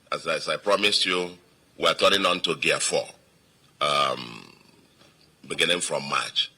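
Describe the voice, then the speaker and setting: A man's voice: a bass voice, unhurried, long pauses, sharp tone, slightly rough. A man with a Nigerian accent, a state governor giving an emphatic victory speech to supporters and repeating phrases for weight.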